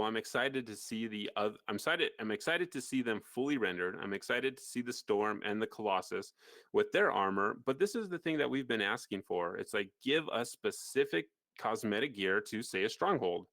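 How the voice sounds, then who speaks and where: A man with a low-pitched voice chats casually on a gaming podcast, animated and given to dry sarcasm. He rambles and restarts his sentences. The close, dry recording has no room sound. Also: moderate pace, no room sound. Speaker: podcast co-host. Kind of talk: casual chat.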